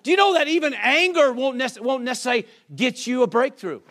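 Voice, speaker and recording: A man's voice: very high voice, lively intonation, a little fast, fairly bright tone. A man preaching a sermon as pastor, firing off rhetorical questions and calling for the congregation's response. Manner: call-and-response preaching, rhetorical questions, acts out quoted voices.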